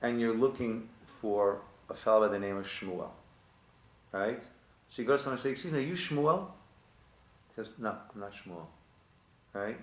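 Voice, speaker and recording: A man, a rabbi, teaching a casual Torah class with congregants, telling stories in an animated, conversational way and often checking in with "right?". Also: lowish voice, normal speed, long pauses. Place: synagogue room. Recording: echoey room.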